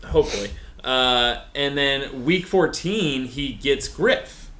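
A man's voice: medium pitch, expressive, pushed and bright, roomy sound, a little hiss or hum. A man co-hosting a podcast, chatting casually and joking his way through fantasy football matchups. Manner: joking, rambling, quick asides. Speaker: podcast co-host.

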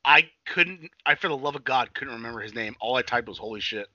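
A young man co-hosting a casual podcast, recapping a cartoon with constant swearing and sudden loud shouted quotes. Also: mid-range voice, a little fast, no room sound. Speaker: podcast co-host. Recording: dull, slightly lo-fi dry sound.

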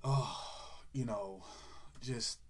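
A man rants about music with a husky, slightly rough voice. He talks bluntly and profanely, and grows heated. His pitch sits in the ordinary middle range. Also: extremely slow. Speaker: music commentator. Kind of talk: ranting opinion monologue.

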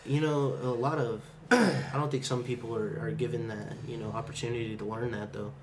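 A man's voice: medium pitch, a little fast, noisy background. Young man telling stories casually. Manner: animated storytelling, slips into quoted voices. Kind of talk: casual chat.

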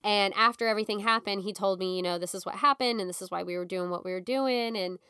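A young woman casually telling a personal story, animated and full of "like", acting out what people said. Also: mid-range voice, fast, clear, resonant tone, dry recording, studio quality. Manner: animated, acts out quotes, frequent "like". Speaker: guest telling her birth story.

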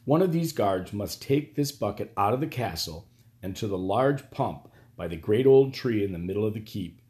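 A man voicing a cunning, calm older male court magician, talking in a measured, quietly theatrical way. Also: on the low side, lightly acted.

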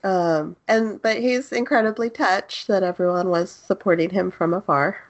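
A woman's voice: mid-range voice, normal speed, muffled recording. A woman co-hosting an anime podcast in casual chat, laughing often as she recaps episodes. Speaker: podcast co-host.

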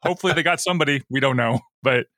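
Podcast co-host, man, bright and forceful tone, dry close recording, quick banter. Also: mid-range voice, no echo. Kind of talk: casual chat recapping a TV episode.

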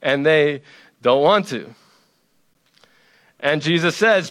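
A man delivers a sermon in a casual, conversational tone, his voice sitting a little on the high side. He leans on repetition to press each point home. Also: lively intonation, takes it slowly, a bit bright. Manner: conversational and playful, with emphatic repetition. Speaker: pastor.

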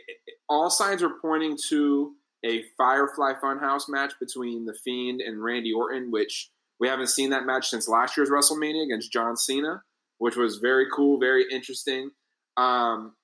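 A man chatting casually on a podcast, recapping at length with many fillers and restarts. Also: mid-range voice. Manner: rambling, filler-heavy, animated recap. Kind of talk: casual podcast chat about wrestling.

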